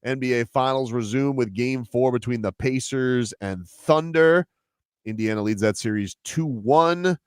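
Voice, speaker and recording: A man's voice: mid-range voice, a little slow, clean tone, no echo. A man hosting a sports radio show, reading sponsored headlines and joking loosely with his co-hosts in the studio. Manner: reads sponsor headlines, then jokes around loosely. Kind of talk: casual sports radio banter. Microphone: studio microphone.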